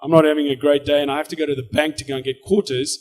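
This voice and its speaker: A man from South Africa with a South African accent, giving an animated church testimony and acting out the scenes as he tells them. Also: a little high, racing. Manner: animated storyteller, acts out scenes.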